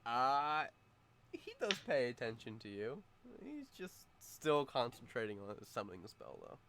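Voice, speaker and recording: A man running a tabletop game as game master, playful and quick with rulings, laughing often. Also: medium pitch, sing-song, a bit bright, a little hiss or hum. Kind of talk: narrating a tabletop game live.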